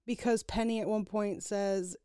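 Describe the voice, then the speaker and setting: A sleepy woman co-hosting a podcast in casual chat, teasing with deadpan answers and frequent giggles. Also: medium pitch, moderate pace, smooth, dry recording, studio quality. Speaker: podcast co-host.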